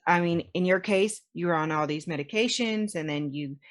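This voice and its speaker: A woman's voice: lowish voice, normal speed. A woman hosting a podcast, talking with her guest in a supportive, thoughtful, affirming way. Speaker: podcast host. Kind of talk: casual interview chat.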